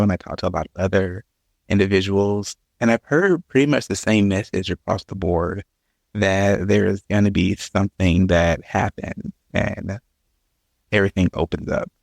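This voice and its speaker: A man who is an entrepreneur, talking as a guest in a relaxed way and thinking aloud. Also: low voice, moderate pace, vocal fry, dry recording. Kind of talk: casual conversation.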